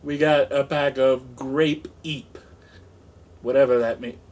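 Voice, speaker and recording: A man's voice: medium pitch, fairly even intonation, takes it slowly, a little mellow. A man in his forties, rambling goofily through an unboxing vlog, mumbling and joking to himself. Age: 40s. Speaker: unboxing vlogger.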